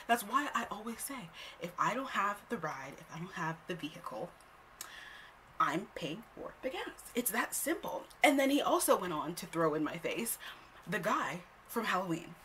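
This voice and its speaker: A young woman telling a story on her own vlog in a casual, animated way, blunt and quick to swear. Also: mid-range voice, slight background noise. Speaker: storytime host.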